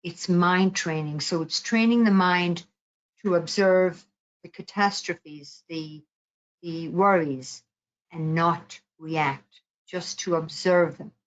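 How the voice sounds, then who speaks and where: A woman with a notably low voice leads a gentle mindfulness lesson. She explains things calmly and unhurriedly, with soft pauses. The recording is a little dull and lo-fi. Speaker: mindfulness teacher. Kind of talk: guided mindfulness talk.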